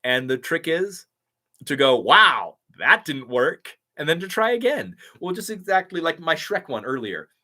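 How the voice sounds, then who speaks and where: On a live stream, a young man with a slightly high, very animated, fairly bright voice talks at normal speed. The YouTube impressionist is upbeat and casual, reading chat messages and thanking viewers.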